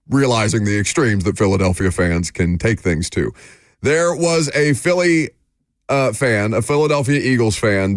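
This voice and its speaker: Emphatic sports radio host, dry studio sound. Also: male voice, medium pitch, no echo. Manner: opinionated, emphatic ranting. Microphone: studio microphone.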